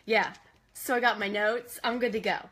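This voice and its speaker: A woman in her thirties hosting a homeschool live video, excitable and goofy, greeting viewers by name and joking about herself. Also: mid-range voice, moderate pace, background noise. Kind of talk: bubbly casual live-stream chat.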